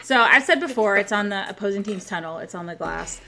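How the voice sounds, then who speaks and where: A woman in her forties telling a story in casual podcast chat, rowdy and animated, with plenty of asides. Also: mid-range voice, fairly quick, vocal fry, a crowd in the background. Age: 40s. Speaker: podcast co-host.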